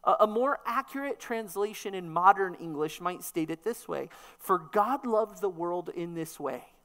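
A woman's voice: lowish voice, lively intonation, normal speed, a bit bright. A woman preacher delivering a sermon, teaching emphatically and posing rhetorical questions.

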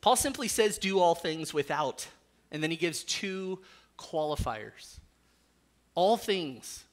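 A man's voice: fairly high pitch, lively intonation, slow pace. A male pastor preaching a sermon, earnest, with dry jokes slipped in.

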